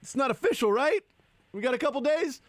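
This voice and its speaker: A man putting on a shrill, squeaky voice for an overeager guy who snatches the first offer on the table. He is impatient and hurried, and his voice jumps up high and loud. It comes across as a dry, close studio sound. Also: lively intonation, no echo. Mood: frantic.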